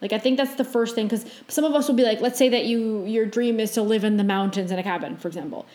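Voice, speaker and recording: A woman co-hosting a podcast in casual chat, animated and quick to laugh, acting out her own inner voice as she talks. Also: on the high side, reverberant. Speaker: podcast co-host.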